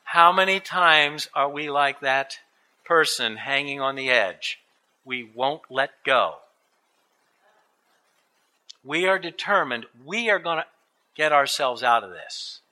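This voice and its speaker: A man preaching a sermon with an exuberant, animated delivery and dramatic swings in voice. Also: medium pitch, takes it slowly, pauses often.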